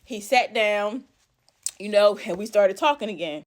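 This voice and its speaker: A woman's voice: mid-range voice, a little slow. A woman telling a story in a casual vlog, blunt and full of swearing, a little out of breath. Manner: animated, blunt, swears a lot, drops into quiet asides.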